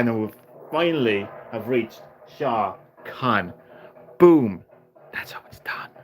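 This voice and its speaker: Brash trash-talking male gaming streamer. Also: medium pitch. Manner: brash, profane trash-talk aimed at the game; excitable, jokey, sometimes rushes his words. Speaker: gaming livestream host. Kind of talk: live gameplay commentary.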